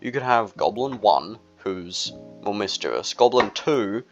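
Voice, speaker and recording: A man's voice: on the low side, animated, unhurried, music in the background. A young man in a casual, rambling monologue, full of fillers and slang. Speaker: solo video creator. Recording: dull lo-fi recording.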